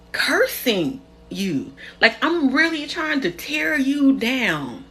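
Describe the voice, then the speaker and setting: A woman's voice: on the high side, bright, forceful tone. A woman giving a preachy spiritual monologue on a phone livestream, emphatic and repetitive, frank and swearing casually, sometimes scolding an imagined person directly. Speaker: spiritual content creator.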